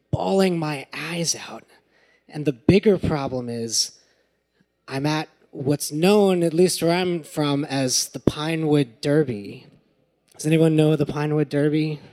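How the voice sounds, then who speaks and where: Brief: man in his late 20s, raised pitch, dry self-mocking live storyteller. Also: a little mellow. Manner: wry and self-deprecating. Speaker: storyteller on stage.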